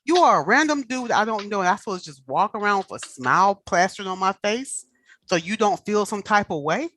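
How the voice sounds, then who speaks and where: A woman in casual chat, telling animated stories and acting out the people she quotes. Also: mid-range voice, fairly quick, a little hiss or hum.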